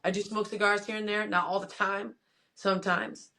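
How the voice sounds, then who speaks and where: A woman's voice: mid-range voice, little pitch movement, moderate pace, bright, forceful tone, a little hiss or hum. A woman boxer from Miami, chatting casually as an interview guest, easygoing and joking. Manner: joking, easygoing, self-promoting.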